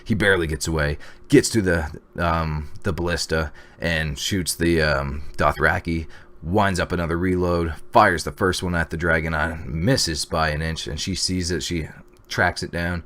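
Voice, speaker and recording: A man casually recapping a TV episode, rambling with fillers and excited reactions. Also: sits low, normal speed. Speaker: TV episode reviewer. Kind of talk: casual video review.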